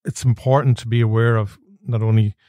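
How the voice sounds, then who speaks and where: A man hosting a podcast, chatting easily and asking relaxed questions. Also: mid-range voice, fairly quick, dry recording. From Ireland. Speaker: podcast host. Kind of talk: casual chat.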